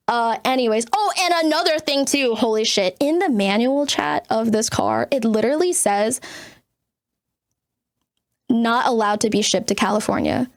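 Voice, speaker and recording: A woman streamer telling a rambling story to her chat, swearing freely, full of filler words, and jumping in pitch for emphasis. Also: normal speed. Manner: animated, jumps between pitches for emphasis.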